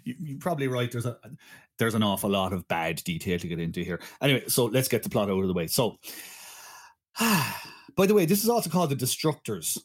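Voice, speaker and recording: A man's voice: medium pitch, sing-song, a little fast. A man co-hosting a podcast, rambling through a plot summary with frequent laughs and restarts. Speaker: podcast co-host. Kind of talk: casual chat.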